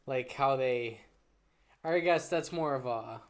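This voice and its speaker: Young male podcast co-host, hesitant, skeptical, dry humor; mid-pitched. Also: slow. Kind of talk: casual chat.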